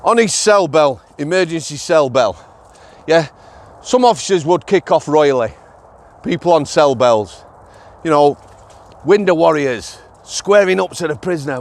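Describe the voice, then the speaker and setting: A man's voice: fairly high pitch, animated, unhurried. Chatty Yorkshire man, blunt storyteller. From Yorkshire, England. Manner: chatty, blunt, tag questions like "yeah?". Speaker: former prison officer vlogger. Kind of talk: casual storytelling vlog.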